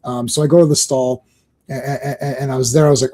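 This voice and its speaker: A man's voice: medium pitch, fast talker. A middle-aged man co-hosting a podcast, telling rambling stories in casual chat and laughing often. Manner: animated, rambling storyteller who laughs often. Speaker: podcast co-host.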